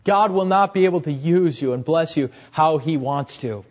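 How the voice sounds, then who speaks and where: A man's voice: fairly high pitch, animated, moderate pace, a little mellow. A young man preaching a sermon earnestly, repeating key phrases and letting his voice drop at the end of each point. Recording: dull, lo-fi recording.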